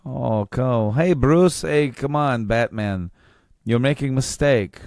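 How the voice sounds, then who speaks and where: A man voicing a trapped masked vigilante, begging in short halting phrases. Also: mid-range voice, gravelly, a little mellow, no echo, clean studio sound, voice pushed up. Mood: pleading.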